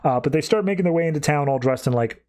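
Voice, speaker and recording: A man's voice: on the high side, fast talker, a little mellow. A man hosting a podcast, recapping comics in a chatty way with plenty of fillers. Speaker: podcast host. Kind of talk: casual comic book recap.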